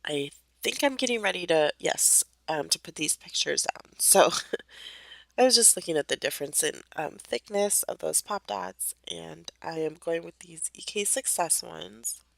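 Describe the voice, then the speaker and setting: Young woman, casual voice-over, fry in the voice, dry close sound, filler-heavy rambling, allergy-roughened. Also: lowish voice, a little slow, a bit bright, no room sound. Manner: rambling, many fillers, light laughs. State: voice a bit off from allergies. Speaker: crafter narrating her process video.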